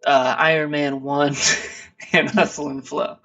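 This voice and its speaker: A man's voice: a little high, little pitch movement, slow pace, fairly bright tone. Rambling man on a distant lo-fi mic. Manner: laid-back, rambling, frequent fillers and restarts. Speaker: podcast co-host. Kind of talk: casual chat.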